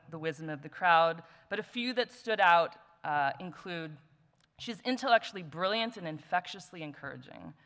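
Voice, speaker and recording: A woman's voice: lowish voice, fairly bright tone. A woman, a former student, introducing an award winner at a conference with light jokes, reading out lists of qualities one by one. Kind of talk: introduction speech at an award session. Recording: long hall reverb.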